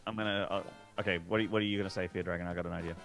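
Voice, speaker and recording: A man's voice: low voice, steady tone, very fast, gravelly, fairly bright tone, faint music behind. A man playing a tabletop game with friends, in playful, joking banter. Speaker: player. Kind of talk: casual tabletop game chat.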